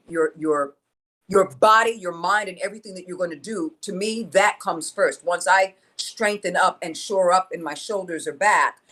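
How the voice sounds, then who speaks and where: A woman speaks emphatically on a video call, building her points through rousing repetition. Her voice sits a little low for a woman. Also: a bit bright. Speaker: voice actor guest. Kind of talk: panel interview over video call.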